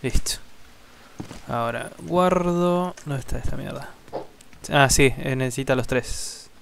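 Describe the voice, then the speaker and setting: A man's voice: mid-range voice, normal speed, creaky, slight background noise. A man chatting loosely and cursing while playing a co-op game. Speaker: gamer. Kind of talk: casual co-op gameplay chat.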